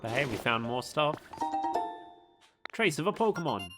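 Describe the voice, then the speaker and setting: A man's voice: mid-range voice, big pitch swings, moderate pace. A man streaming a video game, chatting casually and reading the on-screen text aloud as he plays. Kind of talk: casual gameplay commentary. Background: game music.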